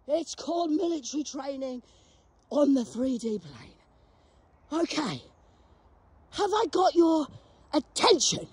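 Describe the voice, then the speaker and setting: Foul-mouthed high-pitched woman ranting. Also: very animated, slow, pauses often, dry recording. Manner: profane, shouting, confrontational. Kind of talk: ranting spiritual vlog. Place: outdoors in a graveyard.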